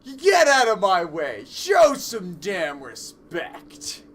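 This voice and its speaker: A man voicing a brash, defiant teenage girl in a game, shouting her lines. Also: mid-range voice, big pitch swings, moderate pace. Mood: angry. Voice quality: loud, shouting.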